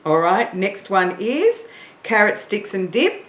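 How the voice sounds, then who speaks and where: Lively woman teacher in an echoey room. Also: mid-range voice, takes it slowly, background noise. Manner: encouraging, counts in the learners. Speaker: singing teacher. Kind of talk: online warm-up lesson.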